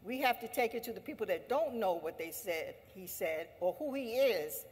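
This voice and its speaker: A woman's voice: medium pitch, lively intonation, normal speed, a little mellow. A woman giving an impassioned rally speech at an assembly, with a fervent, repetitive, preaching cadence. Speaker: speaker at an anti-imperialist assembly. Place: large hall. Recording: reverberant hall sound.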